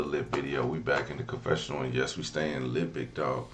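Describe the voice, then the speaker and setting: A man hosting his channel, giving shout-outs and sponsor plugs in a hyped, slangy, loose way. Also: extremely low pitch, fairly even intonation, fairly quick, few pauses, slight background noise. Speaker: channel host.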